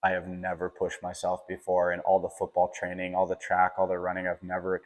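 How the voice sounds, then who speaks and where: A man's voice: deep voice, monotone, a little fast. A young man hosting a podcast, telling a personal story in a casual way, often saying "like" and restarting his sentences. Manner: casual, fills with "like", frequent restarts. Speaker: podcast host. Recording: long reverberant echo.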